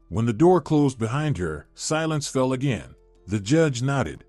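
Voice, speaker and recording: A man narrating a scripted first-person story in an expressive, dramatic way. His pitch moves in a lively, animated arc. The sound is dry and close, with faint music underneath. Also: a little slow, dry recording.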